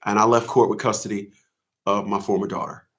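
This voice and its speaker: A man's voice: on the low side, flat delivery, brisk. A man giving a heated, profane commentary monologue as a channel host, often acting out courtroom dialogue in a raised voice. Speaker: father's rights channel host.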